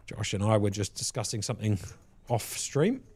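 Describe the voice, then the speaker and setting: A man commentating a live poker stream from a commentary box on a headset mic, relaxed and chatty, with frequent laughs. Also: lowish voice, moderate pace, breathy edge. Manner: easygoing, laughs often, chatty asides.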